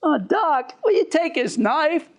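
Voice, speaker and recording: A rough, troubled grown man locked up in prison, ranting in a voice pitched well above his normal register, as a man acts him out in a story. His words swing up and down as he vents. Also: huge pitch swings, moderate pace, darkish tone, long reverb tail, full character voice. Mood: pleading. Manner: ranting, then pleading.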